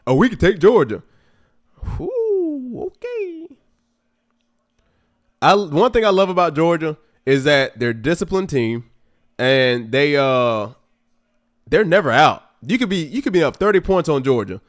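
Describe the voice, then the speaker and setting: A man's voice: on the high side, animated, moderate pace. A young man hosting a casual live football watch stream, commenting on the game and talking back at it, climbing into exasperated outbursts. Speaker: livestream host.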